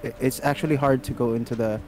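A woman hosting a casual co-op gaming stream, laughing a lot and repeating words in quick bursts. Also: very deep voice, fairly even intonation, darkish tone. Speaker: streamer host.

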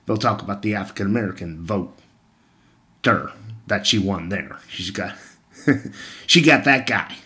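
A young man talks straight to the camera in a casual rant. His voice sits a little low. He is blunt and sarcastic and swears freely. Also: expressive, unhurried, pauses often, bright, forceful tone. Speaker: political commentator.

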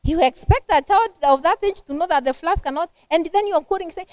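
A middle-aged woman with a Kenyan accent giving a lively, conversational seminar talk on parenting to a church women's group, acting out everyday family scenes. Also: very high-pitched, brisk, no echo.

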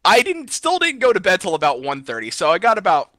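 A man's voice: high-pitched, quick pace, no echo. A man co-hosting a gaming podcast, telling a story in casual, exasperated rants broken up by laughter. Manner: animated, exasperated ranting punctuated by laughter. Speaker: podcast co-host.

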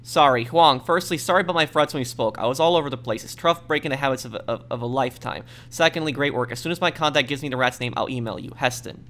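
A man's voice: medium pitch, fast, few pauses, background noise. A man giving casual let's play commentary. He is chatty, reads in-game messages aloud and uses a lot of fillers.

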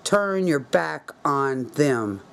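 A man's voice: on the high side, animated, drawn-out words, gravelly, a bit bright. Angry man ranting to camera. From United States. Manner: angry, preachy, urging listeners to act. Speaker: video blogger. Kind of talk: impassioned political rant to camera.

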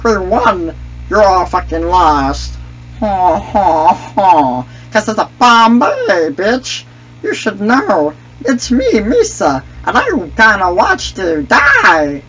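A man voicing a goofy, excitable male alien sidekick who talks about himself in the third person while gaming, with a husky, slow but lively voice on a dull lo-fi mic. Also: high-pitched, full character voice. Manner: refers to himself in third person, brash trash talk. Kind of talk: gaming commentary in a character voice.

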